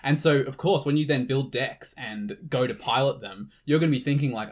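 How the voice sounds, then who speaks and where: A man's voice: medium pitch, a little fast. A man co-hosting a podcast in an easygoing way, laughing often and steering the talk. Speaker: podcast co-host. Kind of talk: casual chat.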